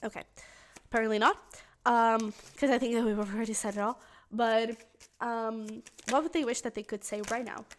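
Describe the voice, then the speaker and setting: Woman tarot reader, a little high-pitched, chatty and earnest, talks straight to camera. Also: fairly even intonation, normal speed, slight background noise. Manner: earnest and emotionally invested, speaks directly to the viewer; chatty, thinks aloud while reading the cards. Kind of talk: pick-a-card tarot reading to viewers.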